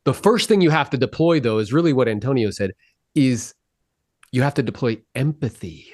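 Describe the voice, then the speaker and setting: Energetic swearing male sales coach. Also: mid-range voice, moderate pace. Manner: energetic, swears freely, quizzes the audience. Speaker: real estate sales coach. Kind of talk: live sales coaching session.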